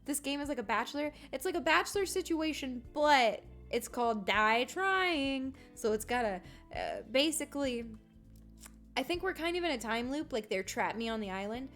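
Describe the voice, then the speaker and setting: Casting: playful woman streamer, slightly high voice, rambling commentary, soft music under. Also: expressive, moderate pace. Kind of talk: casual game commentary.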